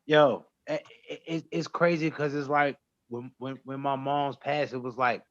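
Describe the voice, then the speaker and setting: A man, a rapper guest from Brooklyn, telling stories in animated, profane, slangy talk. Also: medium pitch, a little slow, no room sound, lo-fi sound. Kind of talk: casual radio chat.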